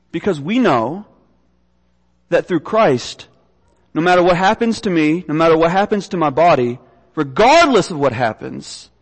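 Young man, preacher, sermon, high voice, earnest scripture reading, echoing hall. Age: young adult. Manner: earnest, reads scripture aloud, repeats words.

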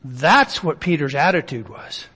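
A man's voice: fairly high pitch, animated, a little slow, pushed and bright, breathy edge. Man teaching scripture in a reverberant hall. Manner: conversational, asks the listeners many questions. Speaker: Bible teacher. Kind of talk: Bible study teaching.

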